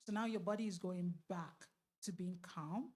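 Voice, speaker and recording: A woman speaking at a church marriage seminar, lively and laughing often as she questions the audience directly. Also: on the low side, moderate pace. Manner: laughs often while talking.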